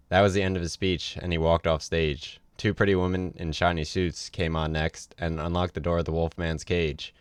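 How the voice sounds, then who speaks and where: A man's voice: deep voice, flat delivery, moderate pace, few pauses, smooth, no room sound, studio quality. A man reading a novel aloud on a livestream, in a casual way with offhand asides. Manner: casual read with ad-libbed asides. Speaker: reader.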